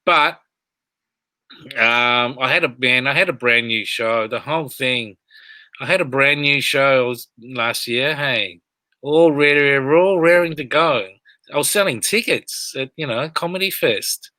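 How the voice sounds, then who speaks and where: A man telling stories as a comedian guest on a video call, rambling and animated, shouting out quoted lines. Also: medium pitch, measured pace, no room sound. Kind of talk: casual interview storytelling.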